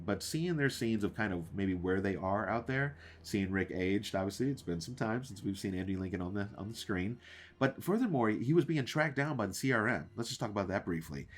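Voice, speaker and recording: Low-voiced man ranting casually to viewers. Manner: rambling, with many fillers and restarts; talks to viewers directly, asking questions. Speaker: show reviewer and channel host. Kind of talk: casual ranting episode review.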